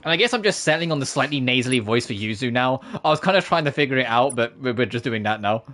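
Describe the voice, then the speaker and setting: A let's-play streamer chatting casually over gameplay, full of fillers like "like" and little self-deprecating jokes. The voice moves animatedly up and down in pitch. Quiet game music hums underneath. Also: animated, quick pace.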